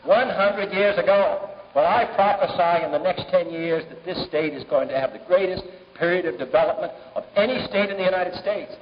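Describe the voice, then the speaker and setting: Middle-aged man, formal fundraiser speech, measured delivery with frequent "uh" pauses, fairly high-pitched, dull old archive recording in a reverberant banquet hall. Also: a little hiss or hum. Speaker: speaker at a political fundraiser.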